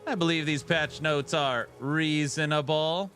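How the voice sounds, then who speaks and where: Bright-voiced man reading comments, wry. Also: on the high side, fairly even intonation, measured pace, soft background music. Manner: reads comments in a wry, amused tone. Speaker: streamer reacting to game patch notes. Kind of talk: casual reaction stream, reading comments aloud.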